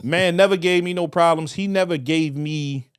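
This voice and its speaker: A man with a Baltimore accent telling a profane, animated story on a casual podcast, acting out voices as he goes. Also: a little high, moderate pace, clean tone, no room sound, clean studio sound. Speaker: podcast co-host.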